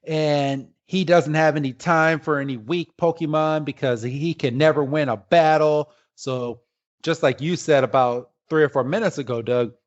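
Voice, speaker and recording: A man co-hosting a podcast in casual chat, retelling the plot with halting fillers. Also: on the high side, highs cut off. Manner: rambling, halting, with many fillers. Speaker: podcast co-host.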